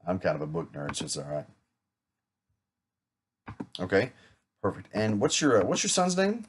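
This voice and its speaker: Man, lowish voice, rehearsing a sales pitch, chatty and joking, faint typing behind. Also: wildly swooping pitch, normal speed, a little hiss or hum. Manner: casual, chatty, self-correcting with small jokes. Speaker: insurance agent rehearsing a client pitch. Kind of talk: practice sales role-play.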